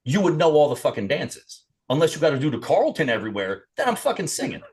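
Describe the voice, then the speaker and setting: Animated swearing man on a podcast. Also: on the high side, quick pace. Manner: animated, heavy swearing, slips into mock voices. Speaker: podcast co-host. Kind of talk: casual podcast banter.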